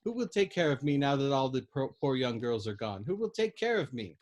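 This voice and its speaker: A man's voice: medium pitch, sing-song, a little fast, a little mellow, close to an everyday voice. A man voicing a grieving old woman who wails and repeats herself mournfully. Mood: wailing.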